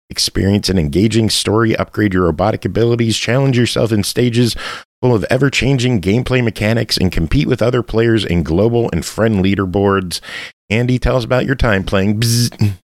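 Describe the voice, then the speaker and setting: A male podcast host reads game listings briskly, as if from a script. His voice sits low and the sound is dry and close. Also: no echo. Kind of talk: reading game listings and running the show.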